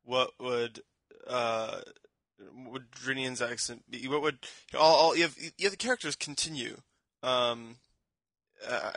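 A man co-hosting a podcast in casual chat, animated and often stumbling over his words. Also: mid-range voice, dry recording. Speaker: podcast co-host.

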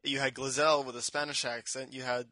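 A man co-hosting a podcast in casual chat, animated and often stumbling over his words. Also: mid-range voice, a little fast, dry recording. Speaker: podcast co-host.

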